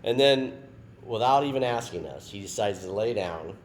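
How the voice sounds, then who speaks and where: A man with a low but lively voice tells a story in casual chat, breaking into laughter and checking in with his listeners as he goes. Faint room noise sits behind him. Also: a little fast. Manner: laughs through his story, often tags "right?". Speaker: podcast guest.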